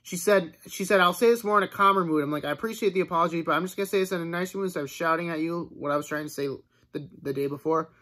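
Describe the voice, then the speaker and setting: A man's voice: fairly high pitch, racing, sharp tone. Rambling young man telling a story. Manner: rambling, full of "like" fillers. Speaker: vlogger. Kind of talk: casual storytelling monologue.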